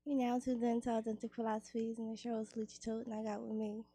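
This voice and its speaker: A woman hosting a radio show in a studio, chatting casually, laughing and reeling off plugs and shout-outs. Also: a little high, level tone, quick pace, breathy edge, no room sound.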